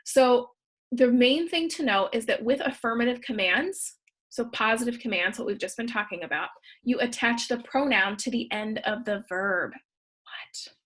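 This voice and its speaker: Breathy woman teaching from slides. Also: on the high side, moderate pace, a bit bright. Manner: patient, step-by-step explaining. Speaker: Spanish teacher. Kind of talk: recorded slideshow lesson.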